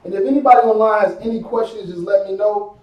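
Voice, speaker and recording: High-voiced man teaching a class, echoey. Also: steady tone, fast, lo-fi sound. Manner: casual, repeats himself, many fillers. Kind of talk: live-streamed class lecture. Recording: echoey room from far off.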